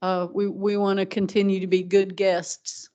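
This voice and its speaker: Woman with a flat, even delivery. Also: mid-range voice, moderate pace. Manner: practical, with frequent ums and restarts. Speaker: meeting organizer. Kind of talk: running a public meeting. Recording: dull lo-fi meeting recording.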